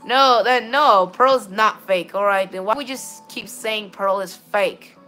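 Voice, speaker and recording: A woman's voice: medium pitch, unhurried, pushed and bright, soft background music. A woman chatting casually with viewers while streaming a game, often stammering, restarting and saying "all right, then". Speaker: gaming livestreamer. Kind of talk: casual livestream chat with viewers.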